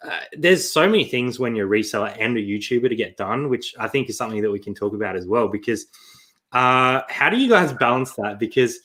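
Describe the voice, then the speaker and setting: A man with an Australian accent co-hosting a casual live-stream chat, relaxed and asking his guests questions. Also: mid-range voice, a little fast. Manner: relaxed, chatty, asks questions. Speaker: co-host.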